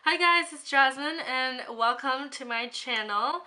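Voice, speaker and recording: A woman's voice: sits high, unhurried, bright, forceful tone. A young woman vlogging in a chatty, rambling way, with a sore throat and an occasional cough. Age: young adult. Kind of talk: casual chat to camera.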